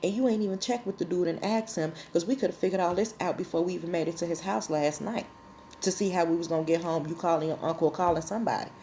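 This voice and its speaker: A woman's voice: lowish voice, steady tone, fast, mellow, a little hiss or hum. A woman vlogger telling a personal story in a blunt, profane, casual way.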